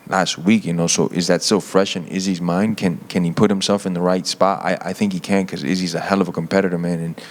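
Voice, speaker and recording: A man's voice: low voice, flat delivery, quick pace, hardly any pauses. A man answering press questions as a fighter, casual and loose, often saying "you know".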